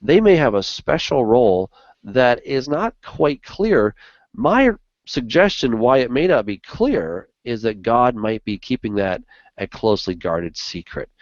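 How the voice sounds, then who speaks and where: A man's voice: mid-range voice, very animated, a little slow, no echo. A man co-hosting a Bible study show in casual discussion, talking earnestly with lots of "you know" fillers. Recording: dull lo-fi dry recording.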